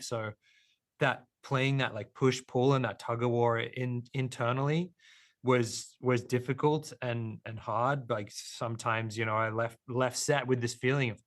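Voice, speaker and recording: A man's voice: medium pitch, fairly even intonation, unhurried. A young adult man with an Australian accent, answering interview questions thoughtfully and earnestly as an actor guest.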